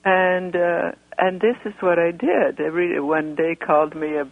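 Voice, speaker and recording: A woman's voice: fairly low pitch, fairly even intonation, moderate pace, gravelly, no room sound. A woman from Europe calling in to a radio show, talking in a rambling, hesitant way with many fillers. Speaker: caller. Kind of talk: phone-in conversation. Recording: tinny phone line.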